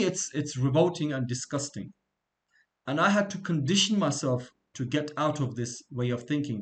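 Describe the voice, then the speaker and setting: Man from England giving a rambling class talk. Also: mid-range voice. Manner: conversational, digressive, asks the class questions. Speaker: religious studies teacher. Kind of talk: informal lecture to a small class.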